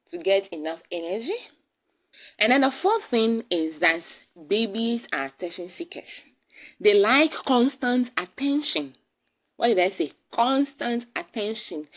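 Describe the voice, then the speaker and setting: A woman's voice: on the low side, poor audio. A woman with a Ghanaian English accent gives casual advice to expectant mothers, repeating key words for emphasis. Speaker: parenting vlogger. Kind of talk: casual advice talk to camera.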